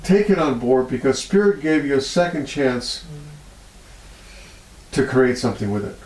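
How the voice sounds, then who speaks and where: At a moderate pace, a man interviewed as a healer relates stories with animation and much emotion. He laughs often and his voice rises high when stirred; the low-quality recording sounds echoey.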